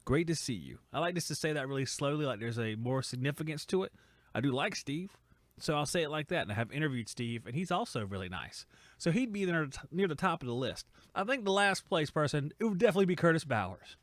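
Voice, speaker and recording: A man's voice: on the high side, animated, quick pace, no room sound. Joking, rambling man reading chat. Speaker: podcast host reading live chat. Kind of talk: casual live-stream chat.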